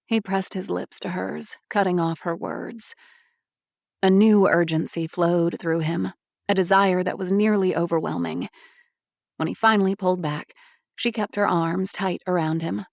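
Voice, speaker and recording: A woman narrating an audiobook in a measured, even way. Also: fairly low pitch, vocal fry, dry recording. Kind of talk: scripted narration.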